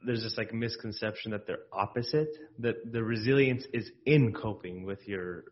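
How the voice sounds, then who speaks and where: A man's voice: on the low side, normal speed, highs cut off. A man in a group session speaking earnestly and at length, full of fillers and restarts. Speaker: group participant. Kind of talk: group discussion.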